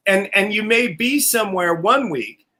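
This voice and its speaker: Bright and forceful, his high, animated voice moves at a moderate pace as he recounts wild road stories on a casual live video call. Laughing often and swearing freely, he acts out others' voices. He comes from an Oklahoma family.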